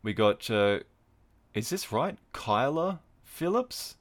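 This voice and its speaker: Slow but very animated, this man's mid-range voice carries his solo podcast as he goes over fights. His commentary drifts into digressions full of wry jokes.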